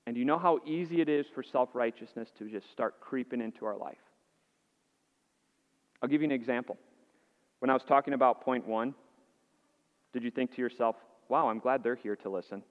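A man's voice: mid-range voice, normal speed, pauses often. A male pastor preaching a sermon to his congregation. He asks the listeners earnest rhetorical questions and repeats words as he restarts phrases. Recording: dull, echoey hall sound.

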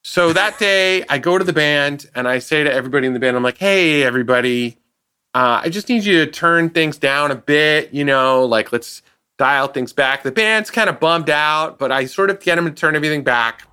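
A man, a guest sound designer, telling an animated anecdote on a podcast and acting out the people he quotes. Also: a little high, normal speed, clean tone. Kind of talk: casual podcast storytelling.

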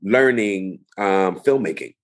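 Low-voiced actor telling stories. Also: male voice, expressive, slow. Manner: laughing storyteller, acts out quotes. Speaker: actor guest. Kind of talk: casual chat.

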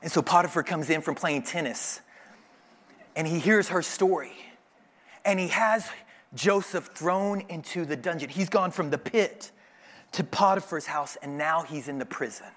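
A man with a fairly high voice delivers a church sermon. He tells the story vividly and jumps into quick acted voices for each character. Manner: animated storytelling, acting out voices. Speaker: pastor.

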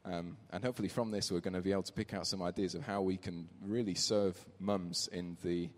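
A man's voice: sits low, fairly even intonation, fairly quick. A man giving a conversational sermon in church, telling a family story and reading scripture aloud. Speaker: preacher. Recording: reverberant church hall.

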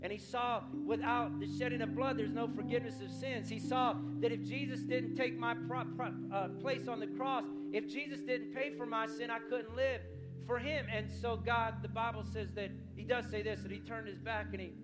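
A high-pitched middle-aged man preaching over clear background music. He tells his story with passion, often stuttering over repeated words as he builds to his point. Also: steady tone, normal speed. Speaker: pastor. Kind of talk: sermon. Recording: music playing behind.

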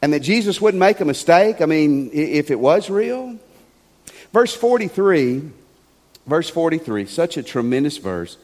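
A man delivers a sermon in a notably high voice, emphatic and conversational. He leans on rhetorical questions to draw the congregation in. A long reverb from the church hall trails his words. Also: sing-song, moderate pace, hardly any pauses, darkish tone. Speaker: pastor. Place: church sanctuary.

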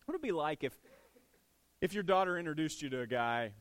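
A man's voice: a little high, expressive, brisk, fairly bright tone. A man preaching a sermon in a church, earnest and conversational. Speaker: pastor.

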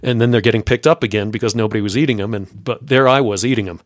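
Halting mid-pitched male host. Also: steady tone, no echo, studio quality. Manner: hesitant questions with fillers, laughs along. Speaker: podcast host. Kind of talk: casual interview.

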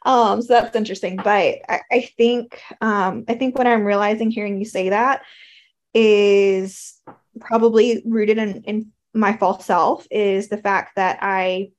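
A woman from the American South, talking through her thoughts in casual conversation. Her pitch is middling, and she pauses and hedges with plenty of ums as she reflects. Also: fairly even intonation. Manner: thoughtful, hesitant, many fillers.

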